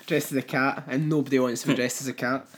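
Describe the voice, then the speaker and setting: A man co-hosting a podcast, adding relaxed, dry asides in a casual movie review. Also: mid-range voice, quick pace. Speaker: podcast co-host.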